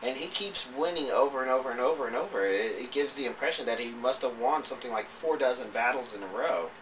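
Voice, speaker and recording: A man's voice: medium pitch, fast, far from the mic, background noise. A man giving a casual, rambling spoken review, with hesitant speech full of fillers and restarts. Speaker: anime reviewer.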